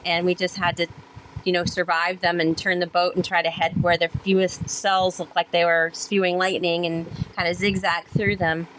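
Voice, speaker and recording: A woman guest on a podcast who is a sailor and author, telling her experiences in an animated, rambling way with many fillers and acted-out quotes. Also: on the low side, moderate pace, slight background noise, rough recording. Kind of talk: conversational storytelling interview.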